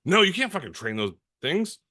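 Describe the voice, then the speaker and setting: A man in a casual podcast chat who swears freely and tells things in a lively way. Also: high voice, brisk, dry recording, studio quality.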